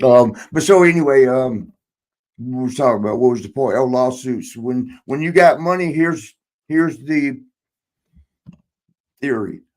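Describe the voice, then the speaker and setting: Unhurried and pausing often, a man in his sixties with a medium-pitched, slightly mellow voice swaps road stories casually. A former wrestler turned podcast host, he rambles, swears, laughs a lot and acts out quotes.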